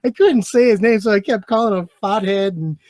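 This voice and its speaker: A man's voice: high-pitched, a little fast, darkish tone, a little hiss or hum. A man, a former soldier, telling stories in casual chat with lots of swearing and laughter. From United States. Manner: profane, laughing storyteller. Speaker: podcast guest and former soldier.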